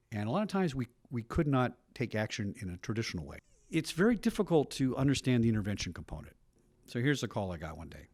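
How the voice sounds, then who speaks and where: A middle-aged man, a retired police officer, telling stories in a documentary interview with brisk asides. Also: mid-range voice, big pitch swings, darkish tone, no room sound, studio quality. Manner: brisk storytelling with frequent asides.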